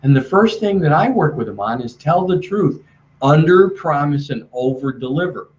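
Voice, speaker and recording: A man's voice: a little high, moderate pace, lo-fi sound. A middle-aged man giving a sales training webinar from a hotel room, talking energetically and acting out customer dialogue. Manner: energetic, acts out quoted dialogue.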